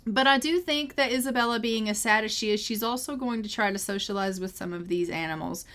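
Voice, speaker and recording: A woman's voice: mid-range voice, fairly quick, a bit bright. A woman narrating her life-simulation game as a story, describing what her characters do in a chatty, easygoing play-by-play. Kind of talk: storytelling gameplay commentary.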